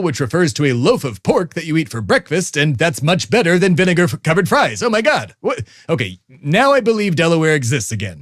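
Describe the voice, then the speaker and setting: A man's voice: fairly high pitch, no room sound, studio quality. A man hosting a comedy audio drama, speaking in a pompous, formal way as a centuries-old embodiment of America. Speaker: podcast host.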